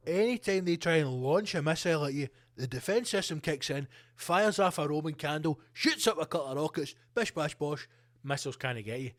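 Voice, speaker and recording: A man's voice: fairly high pitch, animated, fairly quick. A man hosting his own podcast, ranting with plenty of swearing and jumping between tangents. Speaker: podcast host. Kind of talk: solo podcast rant.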